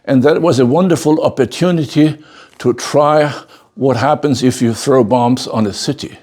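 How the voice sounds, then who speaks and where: In a spoken lecture for a bonsai masterclass, an older man tells a story emphatically in a medium-pitched, darkish voice at a somewhat slow pace. His phrases restart often, words get repeated, and he keeps checking in with the class by asking "okay?".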